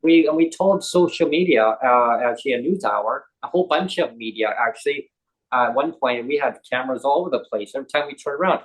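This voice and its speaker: Speaking fast in a low-quality recording, this Canadian man has a medium-pitched voice. He's a guest on a talk show, animatedly spinning a casual, conversational story and doing the voices of the people he quotes.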